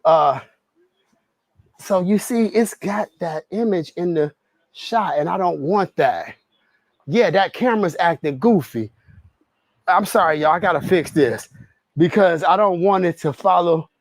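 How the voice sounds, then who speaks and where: Guy streaming from his home gym treadmill, talks slangy and laughs a lot, kinda high voice, dry sound. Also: lively intonation, unhurried, pauses often, no echo. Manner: loose, laughing storytelling in slang. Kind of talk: casual livestream chat.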